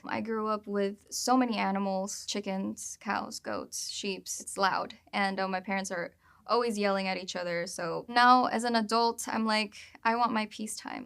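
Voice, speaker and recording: A woman's voice: medium pitch, creaky, a bit bright. A young adult woman, a singer-songwriter, talking casually about her song and filling her sentences with "like". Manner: chatty, leans on "like" as filler.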